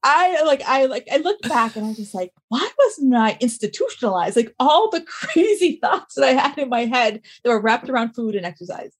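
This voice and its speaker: A woman's voice: high voice, expressive, a little fast, hardly any pauses, slightly rough. A woman in her thirties, a trainer and podcast guest, animatedly telling a personal story and acting out quotes. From US East Coast. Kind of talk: casual interview storytelling.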